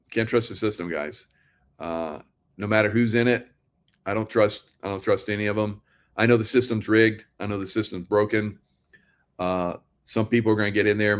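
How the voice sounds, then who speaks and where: A man talking casually to his viewers, rambling and sarcastic, laughing often. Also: fairly low pitch. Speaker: political commentary vlogger.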